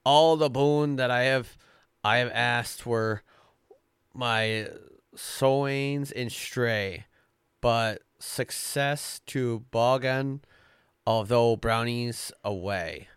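A man's voice: mid-range voice, fairly bright tone, clean tone, no echo, studio quality. A man putting on a lamenting brownie spirit. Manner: halting stiff attempt at a Scottish lilt. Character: small male household brownie spirit, aggrieved and lamenting.

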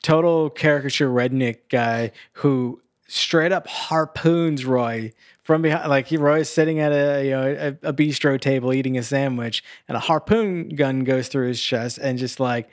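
A man co-hosting a podcast, explaining a film's plot in a halting, filler-laden casual way. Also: mid-range voice, dry recording, clean studio sound. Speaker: podcast co-host. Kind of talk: casual movie review chat.

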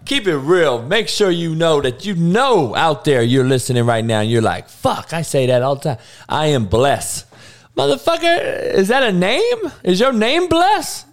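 A man rants on his podcast in a raised, profane, mocking voice. His pitch swings widely and sits a little high for a man, climbing into loud squeals when he acts out someone else's speech. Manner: loud, animated, mocking pronunciations, swears constantly. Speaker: podcast host. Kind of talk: profane comedic podcast rant.

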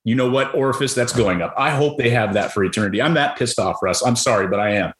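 A man's voice: medium pitch, fast talker, echoey room, slight background noise. A man co-hosting a political talk show who rants angrily and swears a lot. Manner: profane, ranting, shouts in anger. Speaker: podcast co-host. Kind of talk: heated political chat.

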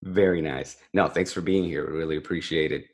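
A man's voice: a bass voice, fairly even intonation, brisk. A man co-hosting a podcast over a remote call, chatting casually and rambling with self-deprecating jokes. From California. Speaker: podcast co-host. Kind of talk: casual chat.

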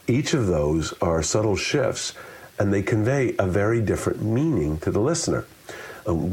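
Low husky guy, interview guest, really expressive, voice swings all over. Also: moderate pace. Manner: expressive, demonstrates with shifting delivery. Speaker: guest, public speaking author. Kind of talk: explanatory interview talk.

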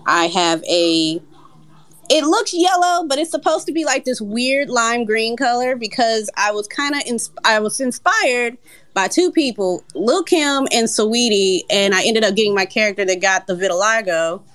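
A woman talking as a guest comic artist in casual chat, animated and laughing often. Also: a little high, moderate pace, no echo.

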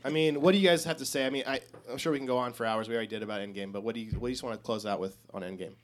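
A man co-hosting a live podcast from a comic shop, chatting casually and excitedly and swearing freely. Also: mid-range voice, very fast. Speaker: podcast co-host.

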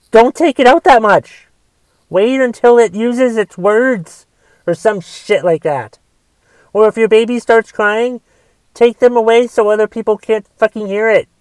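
A man's voice: high voice, darkish tone, smooth, no room sound. A man delivering a solo rant, exasperated and swearing often as he talks. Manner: profane, exasperated ranting with restarts.

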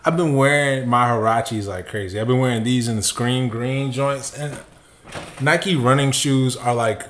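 A man's voice: mid-range voice, a little slow, fairly bright tone. A man co-hosting a casual sneaker podcast, talking in a laid-back, offhand way. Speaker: podcast co-host. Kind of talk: casual chat.

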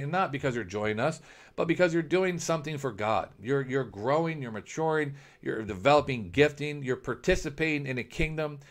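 A man preaching a sermon, earnest and repetitive, often restarting phrases as he builds a point. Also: mid-range voice. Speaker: preacher, ministry founder.

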